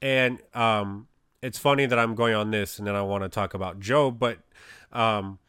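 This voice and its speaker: A man's voice: lowish voice, fairly even intonation, normal speed, fairly bright tone, clean tone, no echo, clean studio sound. A man telling a casual faith testimony, rambling and packed with "you know, like" fillers. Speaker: Christian speaker.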